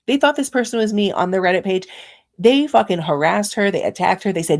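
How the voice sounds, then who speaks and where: A woman's voice: mid-range voice, animated, brisk. A young adult woman hosting a livestream, ranting angrily and profanely at her chat. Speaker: livestream host. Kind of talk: angry livestream rant.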